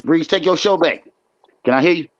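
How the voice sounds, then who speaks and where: A man's voice: fairly high pitch, brisk, no echo, lo-fi sound. A man telling loose, profane stories in casual livestream chat. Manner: loose, profane, rambling storytelling. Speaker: guest on a livestream show.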